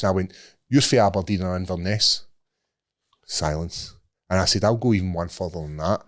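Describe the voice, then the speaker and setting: A man's voice: low voice, a little fast, pauses often. A man with a Scottish accent, hosting a podcast and telling a story with lots of swearing. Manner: animated storytelling, sweary, acts out voices. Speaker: podcast host. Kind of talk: casual chat.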